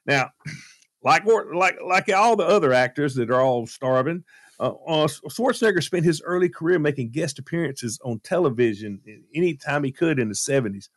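Lively, animated male radio host. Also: fairly high pitch, normal speed, no room sound, studio quality. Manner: lively, animated retelling with fillers. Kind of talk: casual storytelling chat.

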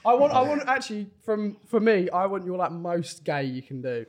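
High-voiced playful podcast host man. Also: moderate pace. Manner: playful, egging others on. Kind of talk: casual banter.

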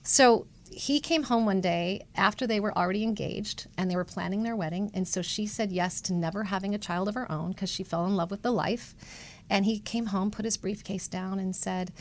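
Animated middle-aged woman storyteller. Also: mid-range voice, normal speed. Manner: animated, emotional storyteller acting out quoted voices. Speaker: matchmaker guest. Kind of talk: conversational storytelling interview.

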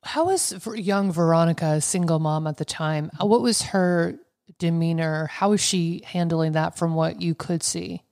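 Woman, podcast host, low voice, gravelly, long rambling questions. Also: fairly even intonation, normal speed, darkish tone, dry recording, studio quality. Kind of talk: interview questions.

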